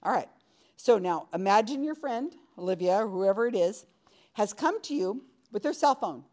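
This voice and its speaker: A woman's voice: medium pitch, animated, moderate pace, darkish tone. A woman leading an interactive workshop, talking conversationally and asking the audience questions in a room full of people. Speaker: workshop presenter.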